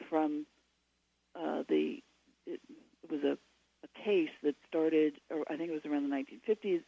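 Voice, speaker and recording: A guest author is interviewed on the radio from home over a remote line that sounds slightly dull and lo-fi, with no echo. Her voice is low-pitched and creaky, and she's chatty, full of fillers and restarts.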